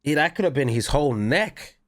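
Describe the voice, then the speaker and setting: A man's voice: on the high side, animated, brisk. A man reacting to a video in casual, exclamatory chat, blunt and slangy. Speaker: reaction host.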